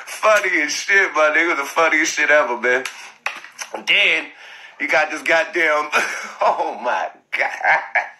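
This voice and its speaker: A man's voice: a little high, animated, unhurried, bright, forceful tone, poor audio. A man telling a profane story on a phone live stream, laughing often.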